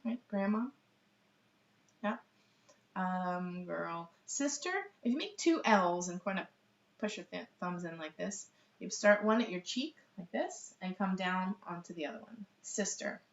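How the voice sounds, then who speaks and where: A woman's voice: mid-range voice, a little slow. A middle-aged woman teaching baby sign language in a casual, chatty live lesson, laughing often and full of ums. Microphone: webcam. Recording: roomy, distant, dull webcam audio.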